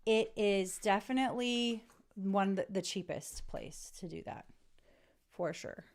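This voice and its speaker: A middle-aged woman with a mid-range voice chats unhurriedly while working on a journal page for her vlog. She rambles in a friendly way, talking directly to her viewers as she crafts.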